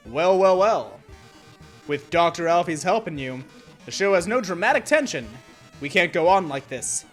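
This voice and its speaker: Flamboyant robot quiz host, as a male streamer puts him on, theatrical and showy, pitch swinging widely. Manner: theatrical, showy announcer delivery. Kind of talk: streamer voicing game dialogue.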